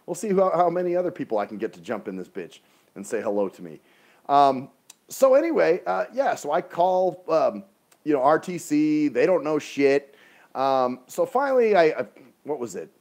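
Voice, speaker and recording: A man rants into his phone during a casual livestream. His voice sits a touch high and jumps around a lot. He is exasperated and profane, and he acts out the other side of every conversation. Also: moderate pace. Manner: profane, exasperated, animated storytelling.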